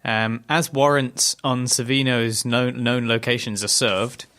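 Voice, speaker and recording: A podcast co-host discusses a TV episode in a casual yet analytical way, reading out plot summaries. His mid-range voice is a bit bright, with fairly even intonation and a measured pace.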